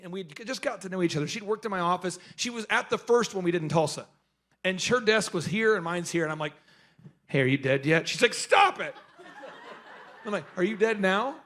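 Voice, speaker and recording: A middle-aged man telling jokey stories at a business workshop, asking the audience questions and shouting his punchlines. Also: high voice. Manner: animated, jokey, acts out quoted voices. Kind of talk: energetic seminar storytelling to a live audience.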